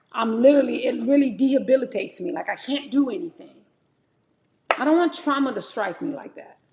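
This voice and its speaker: Forties woman, livestream host, fry in the voice, candid talk to viewers while prepping fruit. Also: a little high, background noise. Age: 40s. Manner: chatty and candid, often calls viewers "y'all". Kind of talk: casual livestream chat while preparing fruit.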